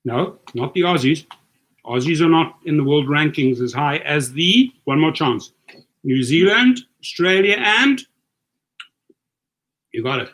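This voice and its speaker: A middle-aged man with a South African accent and a fairly high voice runs a livestream chat. He coaches his listeners with energy and tends to restart and repeat his words. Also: animated, measured pace, fairly bright tone. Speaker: host. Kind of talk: livestream chat giving advice.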